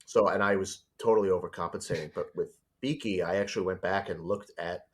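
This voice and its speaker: A storyboard artist, interviewed in a relaxed setting, brings his stories to life by acting out voices. He speaks a little fast, in a voice that sits low.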